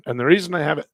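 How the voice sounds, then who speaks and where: A man teaching a live online trading class. He walks through charting software step by step in a conversational way, clears his throat often, and says he is losing his voice. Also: fairly high pitch, no echo. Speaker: trading instructor.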